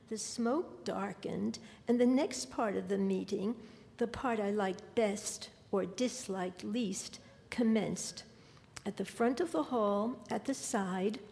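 A woman reading her literary fiction aloud in a measured, deliberate way. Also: mid-range voice, gravelly, darkish tone. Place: lecture hall. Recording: long hall reverb.

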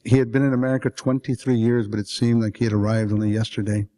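A man reading first-person fiction aloud at a literary event, intense, climbing toward near-shouts at the peaks and slowing to a hush in the grim passages. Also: lowish voice, flat delivery.

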